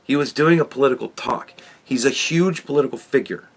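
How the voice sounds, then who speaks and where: This is a man in the middle of a casual commentary monologue. He talks bluntly and swears a lot. He often stumbles and restarts his sentences, in a voice of ordinary middle pitch. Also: brisk, gravelly. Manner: blunt, heavy swearing, frequent restarts and stammers. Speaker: podcast host.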